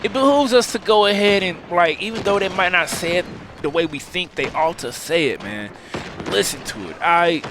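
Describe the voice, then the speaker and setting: A man's voice: high-pitched, animated, moderate pace, noisy background. A man, a gaming channel host, speaking a heartfelt personal monologue, choked up and repeating himself in a preacherly way. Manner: heartfelt, repetitive, preacherly phrasing.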